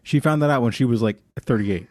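A man joking in casual podcast banter, rambling and profane, often slipping into quick mocking impressions. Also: medium pitch, darkish tone, no echo, studio quality. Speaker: comedy podcast panelist.

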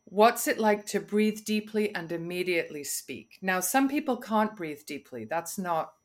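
A woman who works as a communication coach is a guest on a podcast, speaking in a measured, instructive way with deliberate breaths and pauses. Her voice is medium-pitched and expressive.

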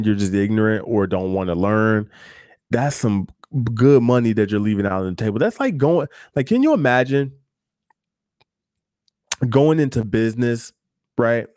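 A man's voice: on the low side, normal speed, darkish tone, no room sound. Candid barber man, dry close sound. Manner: loose and candid, with fillers and asides. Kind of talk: casual advice talk to camera.

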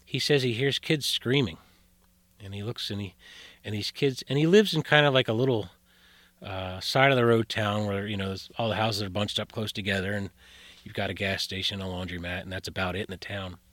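A man with a lowish voice tells eerie tales in an unhurried, rambling way, stopping and restarting his sentences often. The sound is dry and close, with no room echo. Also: fairly bright tone. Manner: rambling, full of fillers and restarts. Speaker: guest storyteller. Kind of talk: casual spoken storytelling.

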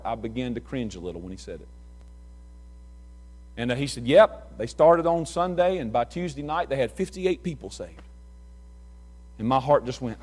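A middle-aged man preaching a sermon, telling folksy stories and swinging from hushed talk to shouts. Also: mid-range voice, breathy edge. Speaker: pastor.

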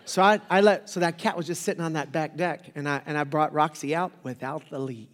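A middle-aged male pastor with a fairly high voice, joking and rambling through a casual sermon. His voice rings out with a long reverb, as if it were heard in a church sanctuary. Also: a little fast. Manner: joking, rambling, animated storytelling.

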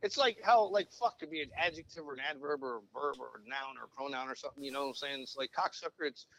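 A man co-hosting a podcast, talking in a rapid, emphatic and profane way. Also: medium pitch, a bit bright, slight background noise, low-quality recording. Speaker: podcast co-host. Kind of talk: casual chat.

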